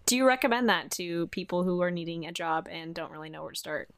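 A woman's voice: fairly low pitch, expressive, fast talker, a bit bright, no room sound, studio quality. A woman hosting a casual interview, asking questions and chiming in with short supportive quips.

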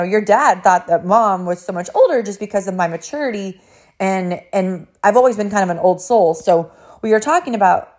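Animated woman coach telling a story. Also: mid-range voice. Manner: energetic storytelling, often laughing. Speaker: life coach. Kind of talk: motivational talk to camera.

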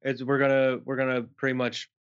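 A man hosting a casual podcast, relaxed and upbeat, swearing casually as he plans. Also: medium pitch, brisk, smooth, lo-fi sound. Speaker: podcast host. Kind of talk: casual chat.

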